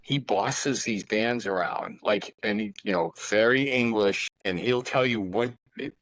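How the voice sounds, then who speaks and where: A man's voice: lowish voice, unhurried, fairly bright tone, no echo, rough recording. A man in his sixties, a guest musician in a casual podcast interview, telling rambling anecdotes full of asides.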